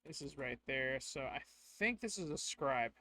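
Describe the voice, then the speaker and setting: A man's voice: medium pitch, lively intonation, normal speed, sharp tone. A man narrating and playing a solo tabletop game, thinking aloud as he goes.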